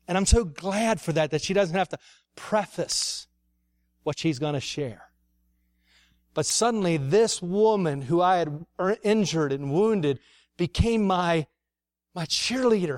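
A man's voice: high-pitched, expressive, a little slow, no room sound. A middle-aged man preaching a sermon, telling stories with laughter and ending in an emotional prayer.

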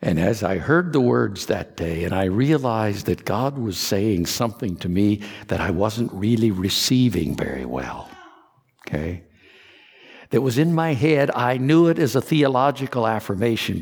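A man from Kentucky preaching a sermon, telling a personal story in an earnest, confessional way with soft asides. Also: on the low side, husky, in a large hall. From Kentucky, USA.

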